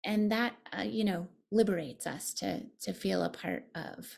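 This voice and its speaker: A woman meditation teacher, a podcast guest, speaking in a reflective, gentle and thoughtful way. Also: mid-range voice, a little slow, creaky. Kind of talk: podcast conversation.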